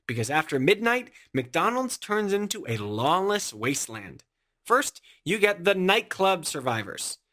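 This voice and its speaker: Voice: medium pitch, fairly bright tone. A narrator telling a scripted comic story in a sarcastic, exaggerated way.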